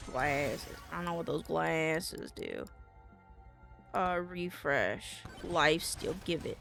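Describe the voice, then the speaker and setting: A woman streaming a video game live, excitable and quick to swear, jumping from yelps to low muttering as she plays and thanks her chat. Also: vocal fry, faint music behind.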